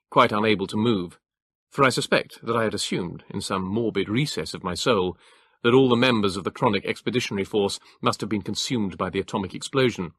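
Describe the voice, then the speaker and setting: Male audiobook narrator, low and bright, measured delivery, dry close sound. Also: breathy edge, dry recording.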